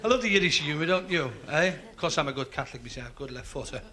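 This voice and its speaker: A man with a Liverpool accent doing stand-up, telling quick gags and putting on stuttering voices for the characters. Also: a little high, lively intonation, a crowd in the background. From Liverpool, England. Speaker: stand-up comedian. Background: audience laughter.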